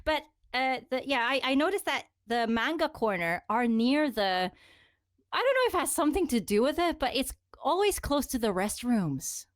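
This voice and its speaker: Woman, casual podcast chat, animated storytelling, swooping lively pitch. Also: normal speed, no echo, clean studio sound. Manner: animated storytelling with frequent laughter. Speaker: podcast co-host.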